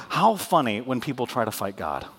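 Male pastor, lively delivery with a wide pitch range, playful and sarcastic while preaching to his church. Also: measured pace, breathy edge. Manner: animated, joking, with sarcastic asides. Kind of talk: sermon. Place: church in front of a congregation.

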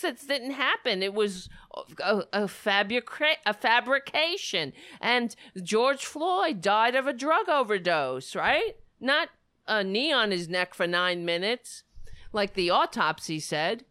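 A woman vlogger angrily ranting in reaction to a news clip, swearing often and breaking off into halting restarts. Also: fairly high pitch, lively intonation, bright, forceful tone, no echo, studio quality. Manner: indignant, profane, halting restarts. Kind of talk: angry reaction rant.

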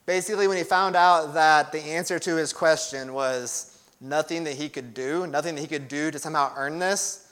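A man's voice: a little high, moderate pace, a bit bright, clear, resonant tone. A young adult man preaching a sermon as pastor, earnest and emphatic, with conversational asides.

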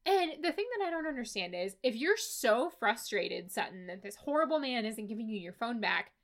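A woman's voice: a little high, sing-song, fairly quick, fairly bright tone. A woman co-hosting a podcast, recapping a book in casual chat with an exasperated, sarcastic and profane manner. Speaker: podcast co-host reviewing a book.

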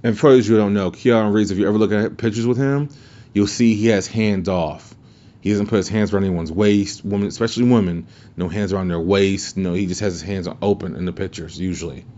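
A man's voice: lowish voice, steady tone, a little fast, warm tone. A man hosting a podcast, telling a story in a casual, rambling, profane way with plenty of restarts. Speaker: podcast host. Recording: muffled lo-fi recording.

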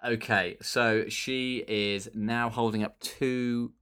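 Host, male, improvised comedy, playful and deadpan, chuckles through lines. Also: mid-range voice, takes it slowly, clear, resonant tone.

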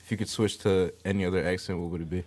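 A young man co-hosting a casual podcast, relaxed, steering the talk to new topics. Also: deep voice, racing. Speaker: podcast co-host. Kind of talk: casual chat.

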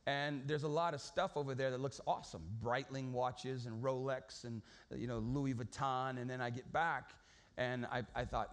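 A man's voice: medium pitch, steady tone, normal speed. A man preaching a sermon in a casual, storytelling way, often repeating words as he goes. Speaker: pastor.

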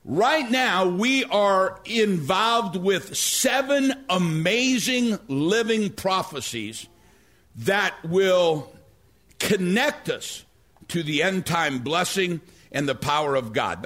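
A middle-aged male pastor preaching a sermon, telling stories with animated energy and rising to near-shouts. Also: high-pitched, slow.

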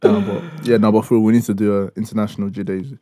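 A man's voice: lowish voice, flat delivery, fast talker, dark tone, no room sound. A young man, co-hosting a casual podcast chat, joking in a mock-serious way. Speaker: podcast co-host. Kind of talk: casual banter.

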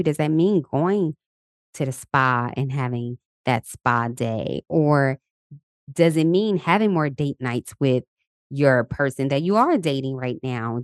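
A Los Angeles podcast host in her thirties gives casual motivational talk, easy and upbeat, sharing her days and guiding listeners through affirmations. Her voice is low and full, she laughs often, and the recording is close and dry, with no room sound or echo.

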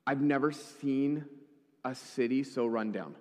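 A man's voice: medium pitch, measured pace, a little mellow. A male pastor preaching a sermon, telling a story with wry humorous asides. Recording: echoey hall.

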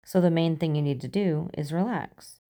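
A dry, amused male FBI agent who teases his partner about her sleeplessness, read by a woman. The voice sits low and dark with a gravelly edge. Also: normal speed. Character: wry male FBI agent, insomniac, teasing.

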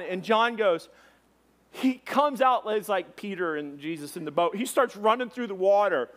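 Animated high-voiced male preacher. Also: normal speed. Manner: animated storyteller, raises voice for quoted exclamations. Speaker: pastor. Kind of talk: sermon storytelling.

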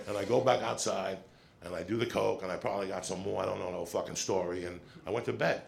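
A middle-aged man doing stand-up, telling a long story in a profane, animated way and checking in with the crowd with quick "right?" asides. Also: sits low, slight background noise. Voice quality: gravelly. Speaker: stand-up comedian. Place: comedy stage with audience.

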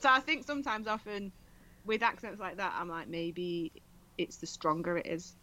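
A woman's voice: fairly low pitch, moderate pace. A woman from southern England chatting casually as podcast co-host, laughing and acting out little quotes. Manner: laughing, animated quoting of others. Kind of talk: casual chat.

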